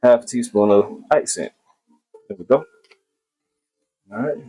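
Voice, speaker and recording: A man's voice: mid-range voice, measured pace, mellow, breathy edge. A man hosting a casual cooking video, talking to viewers as he cooks and often repeating his phrases.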